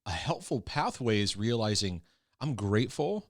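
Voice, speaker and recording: A man hosting a podcast, talking casually in quick bursts, often repeating words as he thinks. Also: fairly low pitch, very animated, dry recording, clean studio sound. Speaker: podcast host. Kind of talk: casual conversation.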